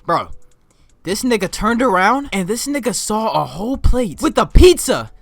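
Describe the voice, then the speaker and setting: A young man telling a story as a casual vlog rant. He talks excitably, swears a lot and often breaks into shouts and laughter. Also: high-pitched, moderate pace, creaky, no echo, studio quality. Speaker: vlogger.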